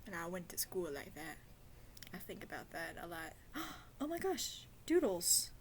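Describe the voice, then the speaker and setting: A woman's voice: lowish voice, big pitch swings, moderate pace, slight background noise. A young woman chatting casually as a vlogger. She rambles, drifts off on tangents and fills her talk with slang and fillers. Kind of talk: casual chat.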